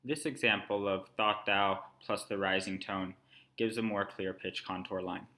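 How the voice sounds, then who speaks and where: Low, bright-voiced man explaining calmly. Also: unhurried. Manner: calm, explanatory, step by step. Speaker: language instructor. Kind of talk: screen-recorded tutorial narration.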